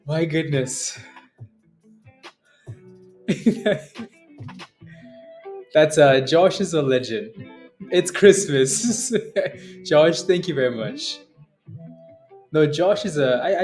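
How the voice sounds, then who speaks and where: Streamer host, young adult man, slow halting delivery, choked-up and laughing, faint guitar music underneath. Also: a little high, expressive, darkish tone. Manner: emotional, laughing often, halting with many fillers. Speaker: day trading livestream host. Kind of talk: casual livestream chat.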